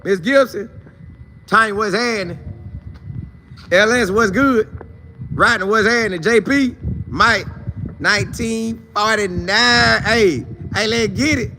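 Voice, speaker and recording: A man hosting a casual sports talk live stream, shouting out viewers by name in loose, slangy, animated talk. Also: high-pitched, unhurried, long pauses, a little hiss or hum.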